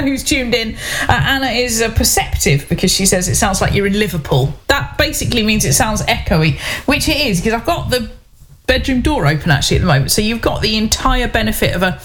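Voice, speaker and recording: A woman's voice: fairly high pitch, lively intonation, a little fast, a bit bright. A woman presenting a radio show from a home bedroom, chatting casually to listeners and laughing as she goes. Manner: chatty, rambling, with laughing asides. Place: home bedroom with open door onto a landing.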